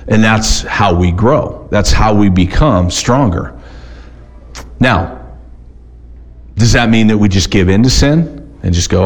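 Low-voiced man preaching a sermon. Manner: reads scripture slowly, then talks plainly with restarts. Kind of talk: sermon with scripture reading.

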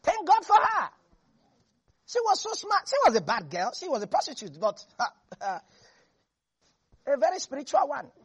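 A preacher delivering a lively sermon, laughing and acting out Bible characters. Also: sits high, normal speed, pauses often.

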